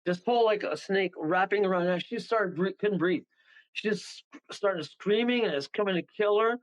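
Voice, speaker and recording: A man telling a story as a guest medium on a radio talk show, animated and rambling, acting out the voices of the people in it. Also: sits high, moderate pace, rough recording. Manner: animated, rambling, acts out voices, chuckles often.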